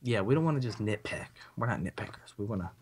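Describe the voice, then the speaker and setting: A man's voice: lowish voice, expressive, fast talker, a little hiss or hum. A man co-hosting a podcast, chatting eagerly and rambling a little. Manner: enthusiastic, rambling. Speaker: podcast co-host. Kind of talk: casual podcast chat.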